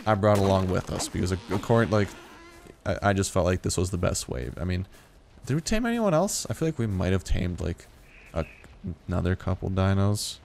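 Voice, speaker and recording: A man's voice: sits low, steady tone, a little fast, vocal fry, a little mellow. A young man giving a rambling, casual commentary over a game late at night, tired and swearing freely, his voice jumping up in surprise. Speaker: gaming youtuber. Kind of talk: casual let's play commentary.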